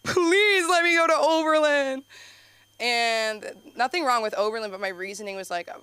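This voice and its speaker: A woman's voice: mid-range voice, vocal fry, clean tone, no echo. A young woman from Los Angeles doing a rambling, self-deprecating stand-up set at an open mic, laughing at her own jokes and yelping suddenly. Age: young adult. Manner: heavy use of "like", sudden loud yelps. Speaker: stand-up comic.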